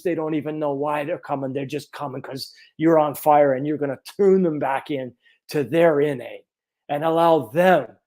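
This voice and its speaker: A chiropractor in his fifties telling a personal story in an animated, earnest way. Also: on the high side. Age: 50s.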